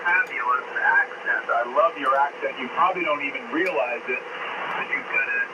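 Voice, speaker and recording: A man's voice: mid-range voice, normal speed, lo-fi sound. A middle-aged man chatting in a friendly, talkative way as a ham radio operator. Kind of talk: casual radio chat. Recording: distant voice over a loud, noisy radio link.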